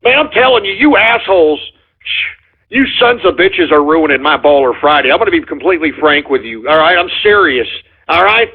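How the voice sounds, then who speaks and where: A man's voice: a little high, animated, fairly quick, breathy edge. A man hosting a call-in radio show, ranting irritably and swearing at his callers. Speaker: radio host taking voicemail calls. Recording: tinny phone-like radio audio.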